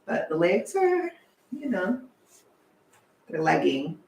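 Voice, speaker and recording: A young man chatting casually on a livestream, animated and chatty, sometimes swearing, laughing often, heard from a distance. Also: sits high, takes it slowly, gravelly. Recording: echoey room, away from the mic.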